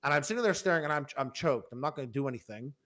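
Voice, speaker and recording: A man's voice: medium pitch, expressive, rapid-fire, sharp tone. A young man in his twenties on a podcast, telling a long story in a rambling way full of fillers and restarts. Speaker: podcast host. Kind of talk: casual storytelling.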